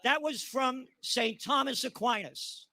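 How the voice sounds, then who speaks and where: A man's voice: extremely high pitch, measured pace, sharp tone, dry recording. A man in his seventies delivering an angry, sardonic monologue as a commentator. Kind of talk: impassioned monologue.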